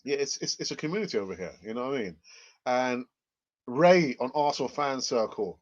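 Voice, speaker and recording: A man's voice: mid-range voice, animated, a little fast. A man from England hosts a casual fan channel chat, rambling and repeating himself with many fillers and a cough. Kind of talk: casual live chat reading comments. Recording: muffled lo-fi audio.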